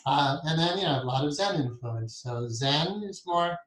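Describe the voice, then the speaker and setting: A soft-spoken male meditation teacher with a slightly high voice, talking calmly through a breathing lesson. He chuckles often between explanations. The sound carries a noticeable room echo. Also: normal speed. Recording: echoey room.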